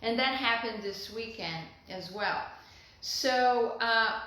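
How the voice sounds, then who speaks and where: A woman's voice: on the high side, takes it slowly, bright, forceful tone, a little hiss or hum. A middle-aged woman from Brazil, telling a personal story to camera in a heartfelt, rambling way full of fillers and restarts. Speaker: vlogger. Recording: very echoey room.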